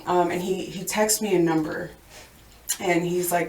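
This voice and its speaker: A woman guest telling her recovery story in a halting way, with many restarts and fillers. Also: lowish voice, fairly even intonation, darkish tone. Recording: roomy, distant mic.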